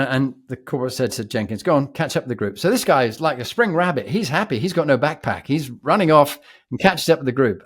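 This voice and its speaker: Brief: posh British male guest, vivid anecdotal storyteller, mid pitch. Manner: reflective, vivid, animated storyteller. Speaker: podcast guest.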